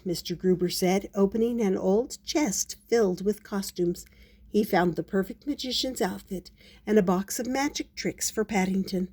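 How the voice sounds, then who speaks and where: Older woman, picture-book reader, gentle storytelling delivery. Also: lowish voice, normal speed. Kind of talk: reading a picture book aloud.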